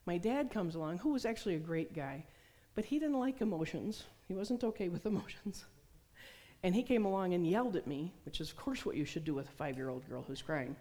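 A woman's voice: on the low side, animated, brisk, warm tone. A middle-aged woman preaching a sermon, telling stories and acting out the voices she quotes. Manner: storytelling, acts out quoted voices. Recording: long hall reverb.

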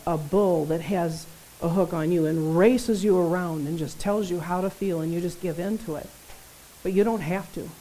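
This is a woman delivering a sermon in a relaxed, conversational style, often turning to her listeners with quick questions. Her voice is mellow and warm rather than bright. A faint hiss runs under the recording. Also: on the low side, low-quality recording. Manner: conversational, animated, tag questions. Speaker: preacher.

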